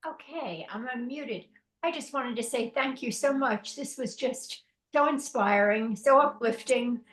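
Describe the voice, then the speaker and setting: A woman with a New York accent speaks up on a video call to thank a speaker. Her voice sits fairly high and she stumbles over a few words. The room around her is echoey. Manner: grateful, halting. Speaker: call participant.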